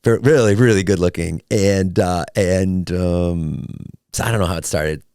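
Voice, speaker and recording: A man in his forties hosting a solo podcast, talking casually and jokily, often jumping into a high, excited voice. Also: unhurried, clear, resonant tone, no echo, clean studio sound. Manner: animated, jokey, swings into high excited pitch. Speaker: podcast host.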